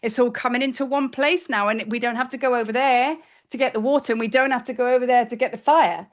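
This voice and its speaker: A woman in her fifties giving a casual spiritual teaching talk, chatty and animated, often acting out her own thoughts. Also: on the high side, fast. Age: 50s.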